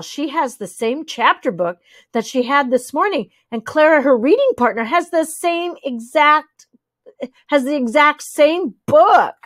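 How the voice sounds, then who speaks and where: A woman's voice: high-pitched, dry recording. Woman reading a children's story aloud. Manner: lively, switching voices for each character. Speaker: audiobook reader. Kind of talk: expressive children's book reading.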